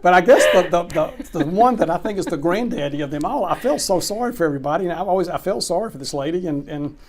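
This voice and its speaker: A man's voice: sits high, fast talker. A middle-aged man, a closing attorney telling an anecdote in an interview and acting out the dialogue. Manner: animated anecdote teller, acts out quoted dialogue. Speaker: real estate closing attorney. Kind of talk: storytelling in an interview.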